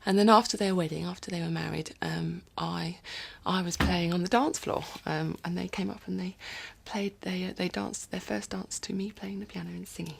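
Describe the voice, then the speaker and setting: A woman's voice: lowish voice, steady tone, moderate pace, creaky, few pauses, slight background noise. A woman musician rambling casually in a video diary from her recording studio, often dropping into whispered asides.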